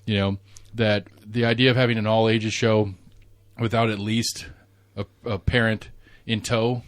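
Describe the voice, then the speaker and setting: A man's voice: on the low side, level tone, unhurried, dry recording. A man with a Southern US accent, hosting a casual podcast chat, rambling and swearing with many restarts. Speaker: podcast host. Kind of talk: casual conversation.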